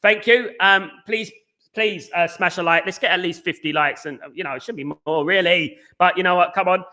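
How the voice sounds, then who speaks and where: Fast-talking fan stream host. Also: male voice, high-pitched, steady tone, pushed and bright. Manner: very fast-talking, reads out viewer comments. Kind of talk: casual live stream chat.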